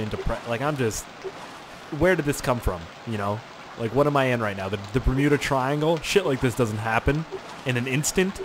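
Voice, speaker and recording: A man's voice: mid-range voice, noisy background. A young man commentating a survival game, rambling, joking and talking to himself. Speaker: gaming channel host. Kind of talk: let's play game commentary.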